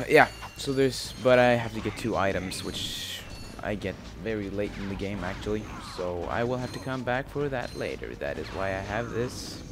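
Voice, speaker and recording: A man's voice: on the low side, animated, normal speed, hardly any pauses, background noise. A young man casually commenting on a video game he is playing, rambling and joking with lots of swearing. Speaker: gaming channel host. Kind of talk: casual let's-play commentary.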